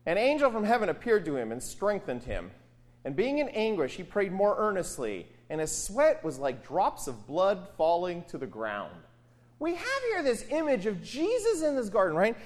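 A woman's voice: on the high side, big pitch swings, moderate pace. A woman preaching a sermon on a gospel passage, speaking expressively with rhetorical questions and emphatic asides.

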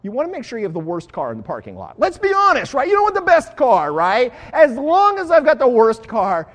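A man delivers a sermon in a chatty, lively way, swinging his pitch high and low as he voices the people in his story. His voice rings in a large hall with a long reverb tail. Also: fairly quick. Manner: animated, conversational, acts out quoted voices. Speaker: preacher.

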